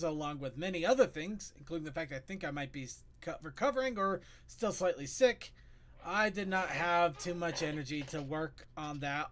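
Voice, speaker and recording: A man hosting a casual online chat show, excitable and quick to laugh. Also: fairly high pitch. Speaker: podcast host.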